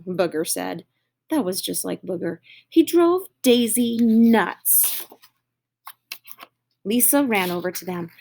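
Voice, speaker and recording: A woman reads a children's story aloud at an unhurried pace. Her delivery is expressive, and her voice rises when the young characters speak. Her pitch sits in a middle range. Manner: slow, expressive reading with lifted voices for the children's lines.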